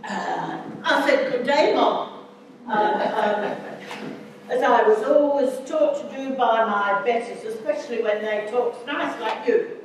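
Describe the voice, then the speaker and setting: A woman's voice: on the high side, lively intonation, slow, background noise, voice pushed down. Woman putting on a bumbling country yokel. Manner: broad rural dialect, bumbling and over-eager. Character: dim rustic woman, put on as a disguise. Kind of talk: amateur stage comedy. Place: community hall stage. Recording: echoey hall, stage mic from far off.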